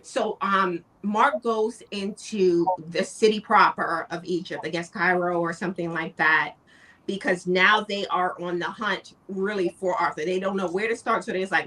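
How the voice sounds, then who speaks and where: A woman co-hosting a casual chat podcast, recapping in a relaxed way with fillers and quoted lines. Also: lowish voice, moderate pace, distant mic. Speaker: podcast co-host.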